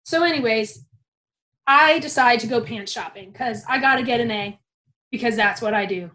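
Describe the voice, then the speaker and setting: A young woman telling a personal story in an animated, casual way, swearing freely. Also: fairly high pitch, normal speed, low-quality recording.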